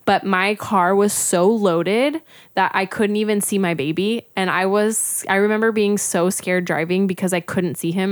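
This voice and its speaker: A woman's voice: medium pitch, steady tone, moderate pace, no room sound, studio quality. A young woman on a podcast, animatedly telling a personal story, acting out her own thoughts and saying "like" a lot. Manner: says "like" often, laughs between lines. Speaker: podcast guest. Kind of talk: casual chat.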